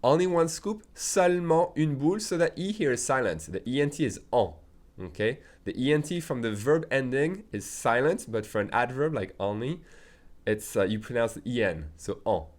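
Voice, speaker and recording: A man's voice: medium pitch, very animated, moderate pace. Patient man teaching a language lesson. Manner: patient, methodical, often checking in with "okay?". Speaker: French teacher.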